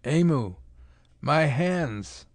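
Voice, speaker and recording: A man's voice: medium pitch, normal speed, warm tone, dry recording, lightly acted. Guy doing a wronged man turned beast, anguished and bitter, raised and raw, dry close sound. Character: proud young man, changed into a beast.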